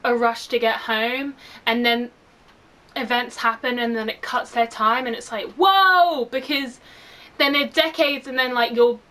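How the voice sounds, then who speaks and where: A woman's voice: on the high side, moderate pace. A young woman talking casually and animatedly, full of fillers, as she reviews a film for her channel. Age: young adult. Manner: gushing and animated.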